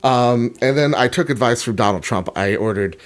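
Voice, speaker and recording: A man's voice: medium pitch, normal speed. A man co-hosting a gaming podcast, telling rambling, profane comic stories in casual chat. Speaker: podcast co-host.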